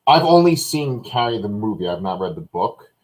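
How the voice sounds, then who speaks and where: A man's voice: on the low side, sing-song, normal speed, poor audio. A man co-hosting a live review, talking casually and thinking aloud with many fillers and hedges. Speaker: co-host of a live review show.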